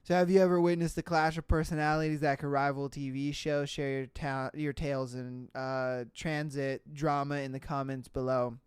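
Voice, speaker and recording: A podcast host reading out reddit stories and reacting with loud exclamations, swearing and frequent laughter, into a close mic. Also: medium pitch, flat delivery, normal speed, few pauses, smooth, no echo. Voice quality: profane, exclamatory, laughs often.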